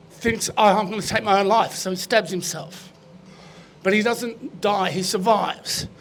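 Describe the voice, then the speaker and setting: Animated comedian with a high voice. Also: male voice, slight background noise. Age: middle-aged. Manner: animated storyteller, punchlines delivered loudly. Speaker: stand-up comedian. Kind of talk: stand-up joke telling. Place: on stage.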